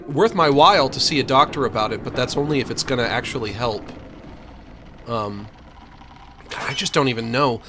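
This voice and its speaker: A man in casual let's-play chat, rambling and self-deprecating as he plays. His voice sits at an ordinary middle pitch, and soft music plays faintly behind him. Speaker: streamer.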